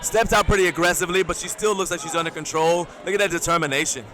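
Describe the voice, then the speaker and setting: A man's voice: fairly high pitch, fast. Man calling a powerlifting meet over crowd noise. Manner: relaxed, explanatory play-by-play with coaching tips. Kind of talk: live sports commentary. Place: hotel event hall at a powerlifting meet.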